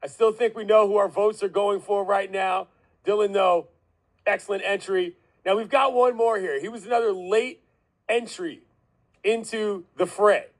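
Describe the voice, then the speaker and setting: A man's voice: high-pitched, normal speed, poor audio. A man hosting a sports radio show, upbeat and laughing often as he reacts to callers.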